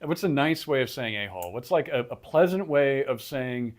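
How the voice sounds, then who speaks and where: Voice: mid-range voice, animated, moderate pace. Co-host, sarcastic and jokey, casual live-stream banter. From Texas. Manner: sarcastic, joking rants. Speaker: podcast co-host.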